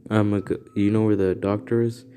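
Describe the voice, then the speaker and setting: A man voicing a sleepy, hesitant teenage boy who mumbles, in his own deep voice. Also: little pitch movement, a little fast, dark tone, faint music behind, lightly acted.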